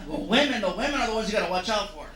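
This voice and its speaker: A man's voice: high voice, expressive, very fast, roomy sound. A man doing stand-up on stage before a live audience, telling stories and acting out voices and sound effects. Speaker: stand-up comedian. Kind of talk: stand-up storytelling. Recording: live show with audience noise.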